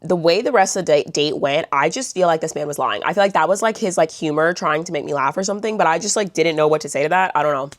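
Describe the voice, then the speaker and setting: A woman's voice: low-pitched, quick pace, few pauses, dry recording, studio quality. A young woman vlogger telling a storytime in a blunt, chatty way, swearing and saying "like" a lot. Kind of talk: storytime vlog.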